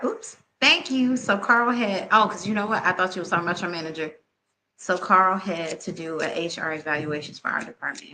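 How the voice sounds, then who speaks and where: Woman, tarot reader, animated, slangy, bright tone. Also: mid-range voice, a little hiss or hum. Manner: animated, laughing, slangy and candid. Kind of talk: live tarot reading and storytelling.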